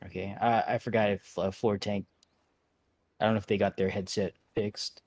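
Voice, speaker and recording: A man leading an online game raid, giving relaxed instructions with many fillers and restarts. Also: fairly low pitch, moderate pace. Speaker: raid leader. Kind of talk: casual instructions over voice chat.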